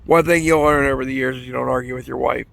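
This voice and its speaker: A man's voice: mid-range voice, steady tone, quick pace, creaky, a bit bright. A man telling a rambling, profane story in a casual vlog while fishing outdoors by a pond. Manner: rambling, profane, self-correcting. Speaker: vlogger.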